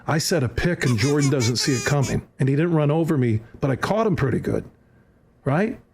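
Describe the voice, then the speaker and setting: Man telling a lively anecdote. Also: on the high side, fairly quick, slight background noise. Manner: lively anecdote-teller, acts out voices. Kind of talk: animated storytelling.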